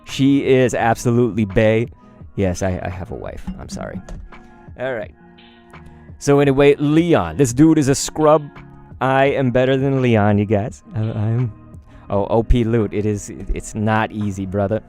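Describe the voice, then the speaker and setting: A man's voice: fairly low pitch, a little slow, a little mellow. Hyped young guy opening cards on stream, slangy, talks to chat, faint music behind. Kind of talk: casual live-stream chat.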